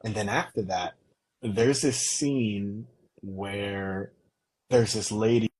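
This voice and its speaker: A young man hosts a casual podcast, his voice husky. He tells stories in a loose, rambling way and often breaks into laughter. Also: on the low side, takes it slowly, darkish tone, poor audio. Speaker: podcast host. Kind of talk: casual chat.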